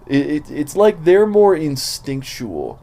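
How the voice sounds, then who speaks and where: A man's voice: a little high, very animated, slow, mellow. A man chatting casually as a podcast co-host, rambling and emphatic, swearing freely. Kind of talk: casual chat.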